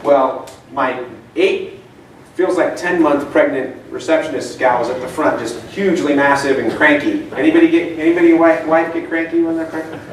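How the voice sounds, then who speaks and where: A man's voice: fairly high pitch, steady tone, moderate pace, slight background noise. A middle-aged man giving a seminar talk to an audience, telling stories and asking the room questions. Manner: chatty storyteller, asks the room questions. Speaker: seminar speaker. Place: meeting room. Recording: echoey room, mic far off.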